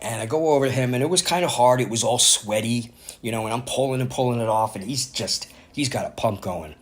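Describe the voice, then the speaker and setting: A man's voice: medium pitch, brisk. A man in his fifties casually telling a personal story, rambling and correcting himself as he goes. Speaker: vlogger.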